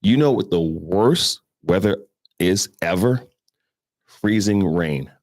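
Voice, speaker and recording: A man's voice: sits low, lively intonation, takes it slowly, a little mellow, no echo, clean studio sound. A middle-aged man from Brooklyn with a New York accent, rambling through profane personal stories as a morning show host, with asides to his listeners. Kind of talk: casual storytelling chat.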